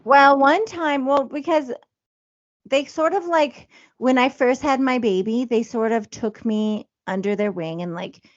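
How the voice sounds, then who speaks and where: A woman's voice: high-pitched, measured pace, no room sound, muffled recording. A woman in her thirties, talking in a casual, confessional podcast chat. She speaks with feeling and uses many fillers. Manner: emotional, confessional, many fillers like "you know". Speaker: podcast co-host.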